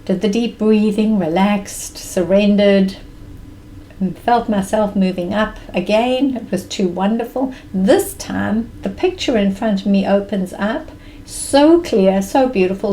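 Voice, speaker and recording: A woman telling a personal story with expressive, animated delivery and vivid present-tense retelling. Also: medium pitch, a little hiss or hum, low-quality recording.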